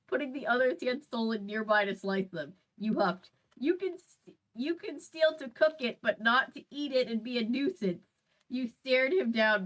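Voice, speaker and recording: A woman's voice: a little high, pushed and bright, poor audio. A woman hosting a stream, reading fan fiction aloud with a playful manner, laughing and stumbling and adding asides as she goes. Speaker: host.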